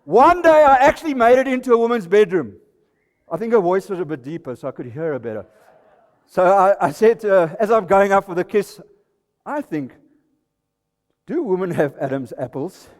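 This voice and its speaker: An expressive, high-sitting male voice at normal speed belongs to a South African man in his sixties. He jokes at his own expense on stage during a live presentation night, and the hall recording echoes noticeably.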